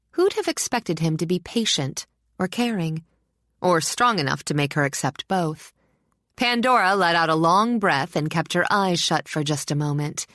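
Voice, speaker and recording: Brief: deep-voiced female audiobook narrator, dry close sound. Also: a bit bright, no room sound. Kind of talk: scripted narration.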